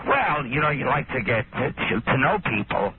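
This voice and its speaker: A man, a comedian guest on a radio show, giving halting, deadpan answers. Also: mid-range voice. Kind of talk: radio interview banter. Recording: phone-like radio broadcast with noise.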